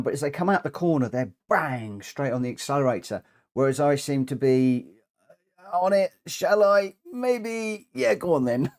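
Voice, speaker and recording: A man's voice: medium pitch, a little mellow. A man chatting through a live racing game stream, rambling with frequent ums, a bit short of breath and coughing now and then. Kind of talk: live gameplay commentary.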